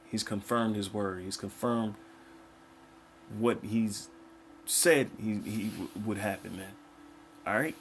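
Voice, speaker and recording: A man with a fairly low voice teaches scripture in an easygoing, conversational way. He reads verses slowly and then explains them in plain talk, often checking in with his listeners. A faint hum of ambience sits behind him. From United States. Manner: conversational, keeps checking in with "all right?" and "man". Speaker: preacher.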